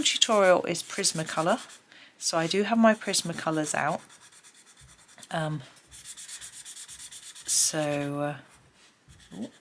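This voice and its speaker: A woman's voice: deep voice, a bit bright, slight background noise. A middle-aged woman with a chatty, rambling manner, talking casually at her desk while colouring. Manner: chatty, rambling, many ums. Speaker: colouring tutorial host. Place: home desk.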